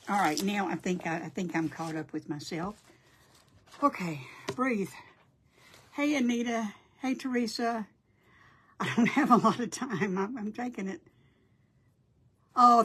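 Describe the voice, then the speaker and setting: A woman's voice: mid-range voice, fairly bright tone, a little hiss or hum. An older woman hosting a casual crafting livestream, chatty and apologetic as she greets viewers by name.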